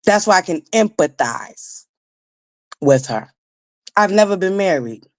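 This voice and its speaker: A woman in her forties with a naturally raspy voice, hosting a casual live-stream commentary, blunt and profane, talking straight to her viewers. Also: fairly low pitch, expressive, a little slow. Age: 40s. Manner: blunt, profane, emphatic, addresses viewers directly. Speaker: livestream commentary host.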